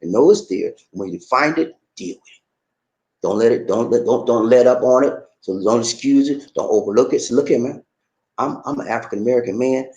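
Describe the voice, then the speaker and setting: Speaking briskly in a medium-pitched, darkish voice, a middle-aged man lectures his viewers in a casual, preachy monologue. He's an online commentator who stays emphatic, repeats himself and keeps calling the listener "man." There's a roomy echo on the recording.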